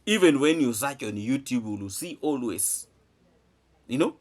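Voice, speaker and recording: Male vlogger, emphatic and repetitive, voice swinging up and down in pitch. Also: expressive, moderate pace. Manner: emphatic, repeats phrases, asks rhetorical questions. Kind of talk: animated commentary to camera.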